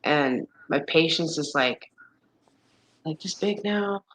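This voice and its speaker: A woman's voice: low voice, lively intonation, slow pace, fairly bright tone, rough recording. A woman in her fifties in casual chat with a friend, rambling and exasperated, talking wearily about exhaustion, full of restarts. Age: 50s. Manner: weary, complaining of exhaustion.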